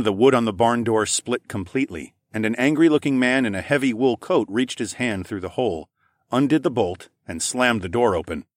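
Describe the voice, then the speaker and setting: A man narrating a first-person story in a steady, even reading voice. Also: medium pitch, no room sound, studio quality.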